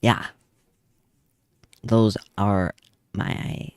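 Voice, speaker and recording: A young man chats casually on a home stream, drifting through anecdotes with a self-amused, rambling manner. His voice sits a little low and he takes his time with every phrase. The close desk mic keeps the sound dry, with no room echo. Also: animated, takes it slowly, long pauses. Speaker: vtuber streamer. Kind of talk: casual chat while drawing.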